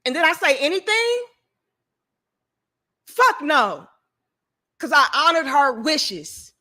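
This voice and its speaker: A woman's voice: sits high, very animated, takes it slowly, bright, forceful tone. A woman venting to her viewers, blunt, profane and openly emotional, talking to them directly. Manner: addresses viewers directly as "y'all". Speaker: vlogger. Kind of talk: venting to the camera.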